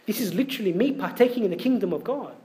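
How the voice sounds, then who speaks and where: Male preacher, high voice, conversational sermon, asks the congregation questions. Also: lively intonation, racing, mellow. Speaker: priest.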